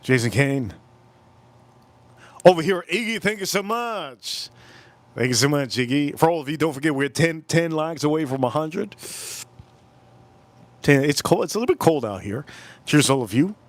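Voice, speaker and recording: A man in his forties hosting a casual livestream outdoors, telling animated stories and calling out viewers by name. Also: a little high, moderate pace, pauses often, dry recording. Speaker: livestream host.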